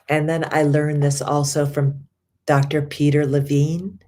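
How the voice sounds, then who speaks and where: A middle-aged woman life coach guiding affirmations and breathing in a slow, soothing way, with many repeated phrases. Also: low voice, little pitch movement, warm tone. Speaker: life coach and yoga teacher.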